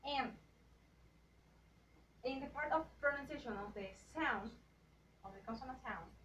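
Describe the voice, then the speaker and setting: Woman, slow halting lesson delivery, highish voice, dull roomy distant recording. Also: sharp tone. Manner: halting, with restarts and repeated example words. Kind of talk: slow class presentation on phonetics. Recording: dull, roomy audio from far off, faint noise.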